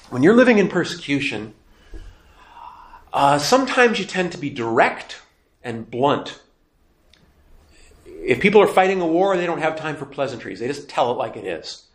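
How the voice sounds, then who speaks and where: A man's voice: mid-range voice, reverberant. A man teaching a Bible class, emphatic and conversational, asking questions and then answering them himself. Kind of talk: catechism lecture.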